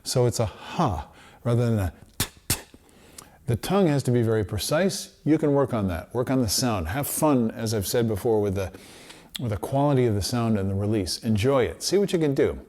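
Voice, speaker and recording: Male music teacher, easygoing lesson delivery, mid-pitched voice, sounds out syllables to demonstrate. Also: brisk. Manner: relaxed explanatory, demonstrates syllables aloud. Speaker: trumpet teacher. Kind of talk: instructional lesson.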